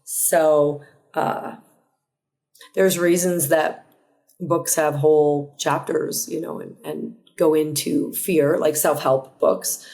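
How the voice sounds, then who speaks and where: A woman with a fairly low voice hosts her own podcast alone, talking earnestly and reflectively. She often starts a phrase over and then carries on, and now and then drops in a quick aside. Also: fairly even intonation, a little mellow. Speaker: podcast host. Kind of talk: motivational solo podcast talk.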